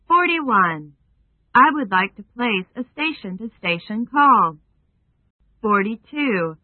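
A woman reading a numbered list of phrases for learners in slow, careful, even delivery. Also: on the high side, dry recording. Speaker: English phrase reader. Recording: tinny phone-like sound.

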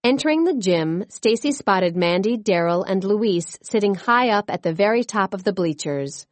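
A woman narrating a children's chapter book in a clear, expressive reading. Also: mid-range voice, normal speed, no echo. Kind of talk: storybook narration.

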